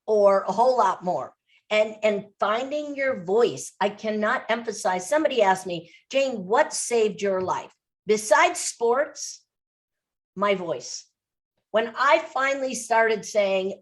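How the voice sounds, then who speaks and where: A woman speaking as a podcast guest, pressing her points home with animated, repeated phrases. Her voice sits at a middle pitch. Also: normal speed. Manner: emphatic, animated storytelling with repetition. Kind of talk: interview.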